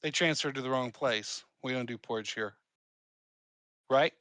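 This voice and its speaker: Brief: male player, mid-pitched, bluffing and joking, dry sound. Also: normal speed, pauses often, pushed and bright, no room sound. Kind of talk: playing a tabletop game live.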